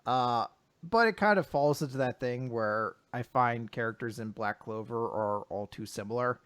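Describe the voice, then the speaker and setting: Brief: male podcast co-host, mid-pitched, animated retelling, close dry sound. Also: moderate pace, smooth, no room sound. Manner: animated retelling, acts out lines, frequent fillers. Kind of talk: casual chat recapping comics.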